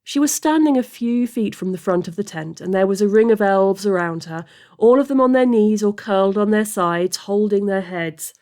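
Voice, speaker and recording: Expressive woman reading a story. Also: mid-range voice, moderate pace. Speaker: narrator. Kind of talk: audiobook fiction reading.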